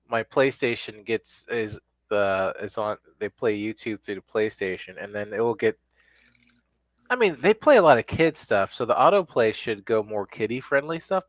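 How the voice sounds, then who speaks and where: A man's voice: lowish voice, no echo. A man co-hosting a casual podcast chat, telling stories in a laid-back way with quoted asides. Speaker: podcast co-host.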